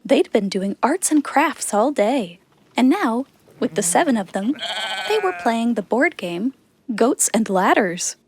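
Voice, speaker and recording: A woman narrating a children's fairy tale in a slow, expressive reading. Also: fairly high pitch, noisy background. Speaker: storyteller.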